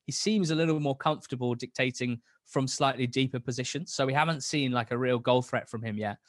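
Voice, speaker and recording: A young man appears as a guest on a football podcast, chatting casually with enthusiasm and rambling. His medium-pitched voice runs a little fast, often restarting sentences, in a dry, clean studio recording.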